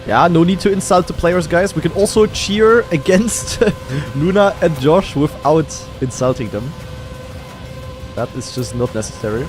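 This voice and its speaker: A German-accented man streams a casual live commentary over faint background music. His voice sits a little high for a man, and his easy chatter keeps tipping into sudden excited cries and casual curses. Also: measured pace. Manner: chatty, swears casually, breaks into excited outbursts. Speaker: streamer hosting a watch party.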